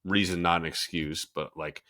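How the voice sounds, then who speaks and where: Bright-voiced man, low and rambling. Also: fairly even intonation, moderate pace. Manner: rambling, self-reflective, lots of fillers. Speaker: podcast host, fitness coach. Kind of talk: candid conversational podcast talk.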